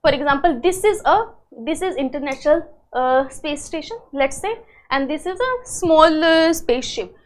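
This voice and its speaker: A woman's voice: high-pitched, a bit bright. A woman giving an exam-prep lecture, explaining step by step and asking herself questions, often tagging "right?". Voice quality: frequent "right?" and "uh" fillers. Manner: explanatory, asks and answers own questions. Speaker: teacher.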